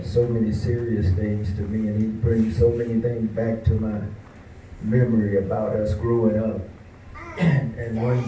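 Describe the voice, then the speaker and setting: Man, warm storyteller at a tribute, folksy and unhurried, recorded off-mic in a roomy space with faint noise. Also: fairly low pitch, recorded from a distance. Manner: unhurried, folksy, frequent pauses and fillers. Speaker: speaker at a memorial tribute. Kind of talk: personal storytelling.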